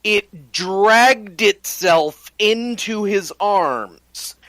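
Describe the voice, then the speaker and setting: A man's voice: sits high, drawn-out words, fairly bright tone, no room sound. A man co-hosting a casual podcast, retelling a film plot step by step and drawing words out for emphasis. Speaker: podcast co-host.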